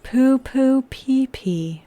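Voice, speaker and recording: A woman putting on a stiff robot voice, speaking commands slowly and flatly during a livestream voice game. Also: sits high, no echo, full character voice. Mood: robotic.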